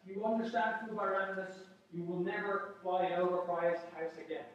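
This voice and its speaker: High-voiced man lecturing in an echoey hall. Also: fairly even intonation, a little fast, distant mic, muffled recording. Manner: joking, emphatic, repeats phrases. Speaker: university lecturer. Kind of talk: classroom lecture.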